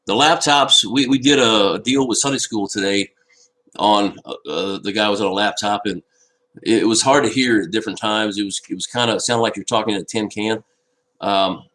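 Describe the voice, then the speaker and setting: A man's voice: on the low side, a bit bright, rough recording. A man hosting a casual fishing live stream from home, rambling and answering viewer comments aloud into a laptop microphone. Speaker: fishing channel host. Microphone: laptop built-in microphone.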